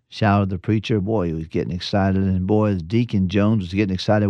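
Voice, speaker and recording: A man's voice: fairly low pitch, moderate pace, warm tone, dry recording, dull audio. A man pastor giving a folksy radio devotional, telling jokes and stories with chuckles and restarts.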